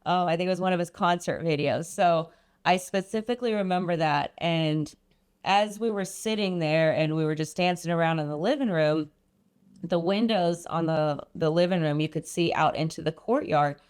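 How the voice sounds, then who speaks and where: A woman guest on a podcast, earnestly recounting a personal experience, often pausing and restarting her sentences. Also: on the low side, darkish tone, clear, resonant tone. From Iran. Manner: earnest, halting, frequent restarts and ums. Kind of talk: personal storytelling.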